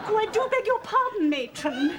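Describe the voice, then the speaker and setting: An actress playing a timid, prim young hospital nurse, polite and flustered. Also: female voice, extremely high pitch, very animated, normal speed, heavy background noise. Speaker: actress in a sitcom. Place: television studio before a live audience. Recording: loud studio audience laughter.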